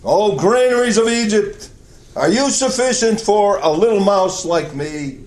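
A tiny mouse begs timidly in a high voice, as a preacher puts it on. It sounds small and shy. The voice rings through a roomy space. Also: male voice, animated, a little slow, darkish tone. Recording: roomy hall echo.

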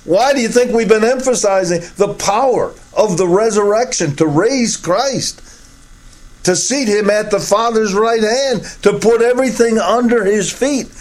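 A middle-aged man preaching a sermon, emphatic, his voice rising high to stress key words. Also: unhurried.

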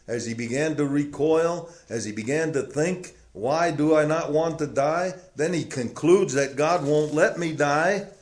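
A man preaching a sermon, acting out quoted prayers and swinging between loud, emphatic lines and hushed ones. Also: a little high. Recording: roomy echo.

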